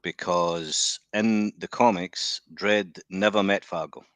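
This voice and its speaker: A man's voice: sits low, fairly even intonation, slow pace, a bit bright, no room sound. A man co-hosting a casual film review chat, who laughs often and explains comic book background. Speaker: podcast co-host.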